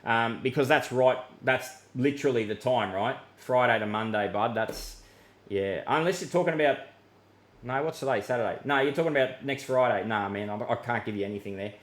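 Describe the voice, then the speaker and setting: A man's voice: medium pitch, a little fast. A man with an Australian accent hosting a live weather Q&A, talking casually and easily, calling people mate and thinking aloud with fillers. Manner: laid-back, chatty, calls people mate, many fillers. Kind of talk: casual live-stream chat.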